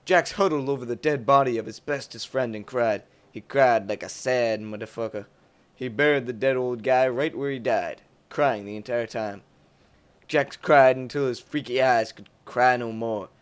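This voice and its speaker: A young adult man narrating a crude comic story in a lively, profane, rambling way. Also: mid-range voice, moderate pace, clear, resonant tone.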